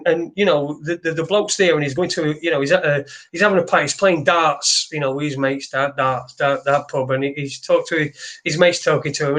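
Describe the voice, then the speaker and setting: A man hosting a solo livestream, talking in a rambling, halting way with lots of restarts and swearing. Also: on the high side, fairly bright tone. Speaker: livestream host. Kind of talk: casual solo livestream chat.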